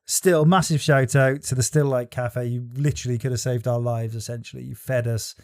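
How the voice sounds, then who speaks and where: Brief: young male co-host, profane storyteller, mid-pitched, casual podcast chat. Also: fairly even intonation, brisk, a little mellow.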